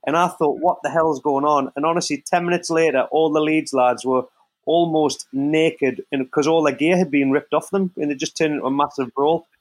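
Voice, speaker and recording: Guy co-hosting a podcast, bit higher voice, tells stories with lots of life. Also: moderate pace. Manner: lively storyteller. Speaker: co-host, former footballer. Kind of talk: casual podcast chat.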